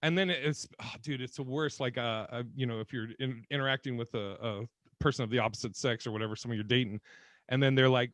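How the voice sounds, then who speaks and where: A man's voice: medium pitch, fast, a bit bright, no room sound. A man co-hosting a podcast in casual comedic chat, joking, swearing freely and laughing often. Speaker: podcast co-host.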